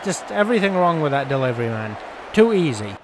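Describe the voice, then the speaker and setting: A man's voice: fairly high pitch, very animated, fast talker. A man giving casual, exasperated gameplay commentary, swearing and cracking jokes. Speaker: gaming YouTuber. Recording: loud game crowd and noise behind. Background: game crowd and ambience.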